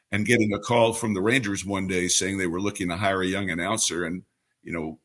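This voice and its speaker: Casting: older man in his 70s from New York, seasoned radio play-by-play voice, bright and clear, lowish pitch, relaxed storyteller. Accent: New York, mostly trained away. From New York City. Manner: relaxed anecdotal storyteller with a polished announcer delivery. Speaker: baseball radio broadcaster, guest. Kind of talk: storytelling interview answer.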